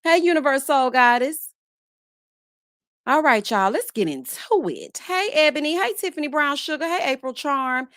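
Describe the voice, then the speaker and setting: A woman hosts a casual live stream in a fairly high voice, chatty and sassy. She greets viewers one by one and drops playful asides. The sound is dry and close, with no room echo. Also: animated, normal speed, a bit bright. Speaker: livestream host.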